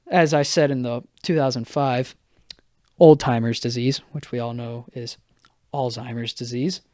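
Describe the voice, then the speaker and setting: A young man hosting a solo podcast, telling a story in a casual, rambling, profane way, a little hoarse and stopping often to correct himself. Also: mid-range voice, no echo. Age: young adult. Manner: rambling, profane, self-interrupting. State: slightly hoarse. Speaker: podcast host.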